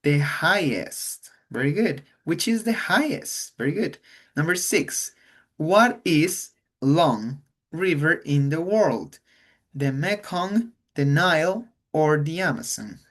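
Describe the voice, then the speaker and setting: Slow, patient teacher. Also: male voice, on the high side, animated, fairly bright tone. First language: Spanish. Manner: slow, patient, repeats words to model pronunciation. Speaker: English teacher. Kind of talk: online English class.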